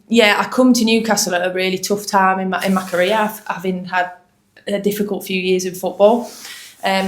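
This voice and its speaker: Young woman w/ hull accent, chatty footballer, ums a lot, echoey room with faint noise. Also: mid-range voice. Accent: Hull English. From Hull, England. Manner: chatty, frequent ums and restarts. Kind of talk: post-match press interview.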